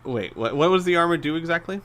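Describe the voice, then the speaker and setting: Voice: mid-range voice, expressive, fast talker, a bit bright. A game master running a tabletop game, laid-back and often giggling.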